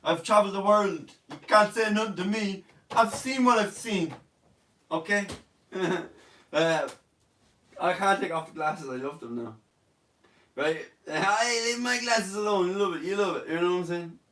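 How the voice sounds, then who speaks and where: A young online comedian with an Irish accent runs a relaxed live Q&A from his sickbed, reading viewer comments aloud while joking and bragging. He speaks at normal speed in a high, slightly bright voice, picked up from a distance in a roomy space.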